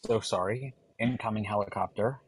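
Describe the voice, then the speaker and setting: Low husky man, firm life coach. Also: moderate pace, low-quality recording. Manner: firm, direct. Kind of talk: casual podcast chat.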